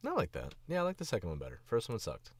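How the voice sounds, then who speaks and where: A man's voice: medium pitch, wildly swooping pitch, rapid-fire, husky. A young man and voice actor chatting casually on stream while editing his own audio, rambling and self-critical, into a studio mic.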